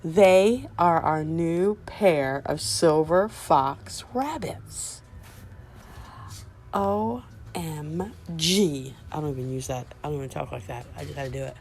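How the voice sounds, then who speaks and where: A woman showing her new rabbits outdoors beside the hutches on her farm, chatting casually to the camera and cooing softly at the animals. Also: deep voice, normal speed, gravelly, hardly any pauses, slight background noise. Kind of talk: casual vlog walk-through.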